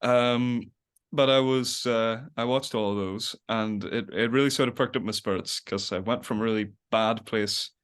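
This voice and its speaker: A man's voice: lowish voice, steady tone, moderate pace, fairly bright tone, smooth. A young man as a podcast guest, rambling in casual chat, laughing often and acting out little quotes. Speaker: podcast guest, web series creator.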